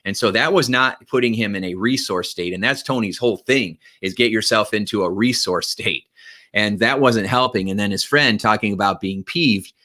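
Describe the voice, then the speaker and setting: A male motivational speaker with a bright, forceful voice addresses his viewers. His delivery is energetic and emphatic, and he keeps checking in with quick tag questions. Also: lowish voice. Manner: energetic, emphatic, frequent "right?" and "okay?" check-ins.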